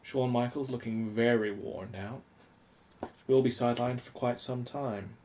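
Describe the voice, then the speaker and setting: A man's voice: medium pitch, fairly even intonation, a little slow, darkish tone, slight background noise. A man in his forties chatting casually on a live stream from home, reading old magazines aloud and talking to viewers. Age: 40s.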